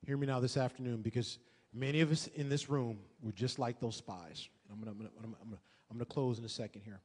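A man's voice: mid-range voice, fairly even intonation, fast, breathy edge, big-room sound. A male pastor preaching a sermon to a congregation, emphatic and fond of rhetorical questions and repetition.

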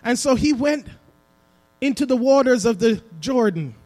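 A man preaching a sermon as pastor in a church, dropping to a hush and then rising to emphatic cries. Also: extremely high pitch, lively intonation, unhurried. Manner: preaching with swings between hushed and emphatic delivery. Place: church sanctuary.

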